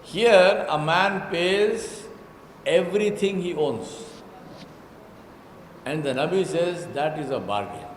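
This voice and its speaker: A man's voice: fairly high pitch, animated, takes it slowly, pauses often. A man giving a religious talk to an audience, telling stories and often asking rhetorical questions. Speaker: Islamic speaker. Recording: echoey hall with faint background noise.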